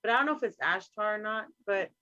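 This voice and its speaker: A woman's voice: medium pitch, animated, fast talker, sharp tone, no room sound. A woman hosting a live stream, chatting casually with a loose, profane manner and easy laughs. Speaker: host. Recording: dry, dull lo-fi call audio.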